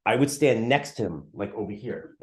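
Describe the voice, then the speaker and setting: A man's voice: on the low side, expressive, moderate pace. A man co-hosting a podcast in casual chat, blunt and teasing as he tells stories. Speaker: podcast co-host.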